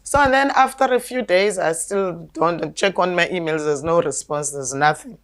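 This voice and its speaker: A woman's voice: lowish voice, normal speed. A woman, an alternative health practitioner telling a story in a talk show. She speaks emphatically and insistently, often repeating words as she goes. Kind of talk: conversational storytelling.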